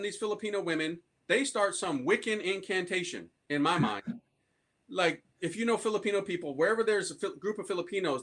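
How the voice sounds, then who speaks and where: A man's voice: high voice, a bit bright. A man telling a personal story in slangy, street-style speech, acting out the voices of the people he quotes and laughing often. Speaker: priest telling his conversion story. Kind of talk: animated storytelling talk.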